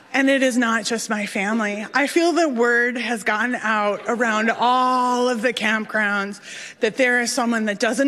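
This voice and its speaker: Animated woman telling a story in a hall. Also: high voice. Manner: animated, laughing, acts out voices. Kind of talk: personal storytelling. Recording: long hall reverb.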